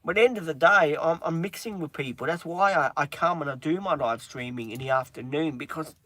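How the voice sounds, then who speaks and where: A man chatting on a livestream in a halting, earnest way, with many pauses and restarts, openly upset. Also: fairly high pitch, sharp tone, no room sound. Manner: halting, frequent ums and restarts. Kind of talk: casual livestream chat.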